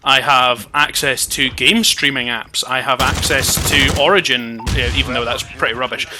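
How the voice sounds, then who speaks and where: A man co-hosting a casual chat about games and tech, animated and swearing, stumbling over his words. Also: medium pitch, normal speed, music in the background. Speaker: podcast co-host. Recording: gaming audio noise behind. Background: clicks and gunfire from a game.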